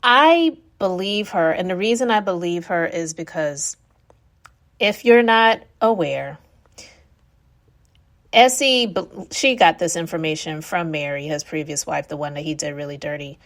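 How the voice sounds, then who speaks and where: A woman's voice: lowish voice, a bit bright. Woman commentator, reaction channel host, opinionated and casual. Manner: opinionated, conversational, sometimes quick.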